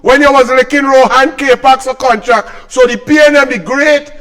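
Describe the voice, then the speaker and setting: A man with a Trinidadian accent and a strikingly high voice rants about politics, heaping on scorn and sarcasm. He talks like a combative commentator speaking straight to his audience. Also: steady tone, normal speed, a bit bright. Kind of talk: political rant to camera.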